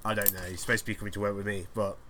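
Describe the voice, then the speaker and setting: A man's voice: on the low side, flat delivery, rapid-fire, bright, forceful tone, a little hiss or hum. A man hosting a podcast alone, rambling through crude, jokey banter in a casual chat. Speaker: podcast host.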